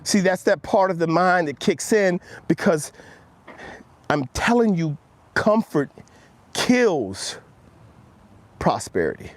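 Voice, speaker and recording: A man hosting a motivational walk-and-talk live stream outdoors, coaching viewers earnestly and speaking straight to them. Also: a little slow. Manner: drops low and quiet when quoting himself.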